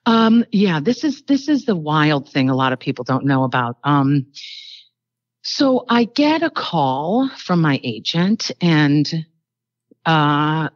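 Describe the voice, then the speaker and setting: An older actress chatting as an interview guest, telling rambling anecdotes full of fillers. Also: female voice, low voice, big pitch swings, takes it slowly, dry recording, lo-fi sound. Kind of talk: casual interview storytelling.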